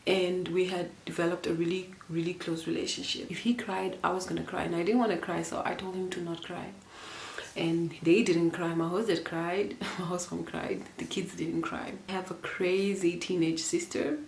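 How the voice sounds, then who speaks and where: A woman's voice: lowish voice, flat delivery, moderate pace, creaky, reverberant, slight background noise. A young woman from Namibia telling a personal story to camera in a casual, rambling and emotional way, with many fillers and restarts. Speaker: vlogger.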